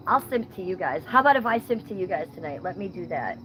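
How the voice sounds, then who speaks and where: A woman's voice: fairly low pitch, sing-song, fast talker, fairly bright tone, slight background noise, rough recording. A woman from Ohio hosting a casual livestream, reading chat comments outdoors at night, blunt and playfully profane. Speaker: livestream host.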